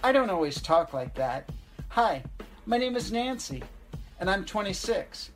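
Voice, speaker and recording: A woman reading aloud and voicing a glamorous, playful older hostess who puts on a slow, deep, throaty voice. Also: very animated, faint music behind. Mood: cheerful.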